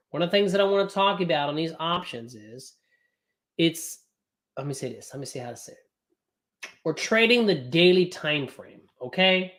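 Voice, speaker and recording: A man hosting a live trading class, talking casually with blunt, profane, energetic banter. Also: high voice. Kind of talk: live-streamed casual teaching.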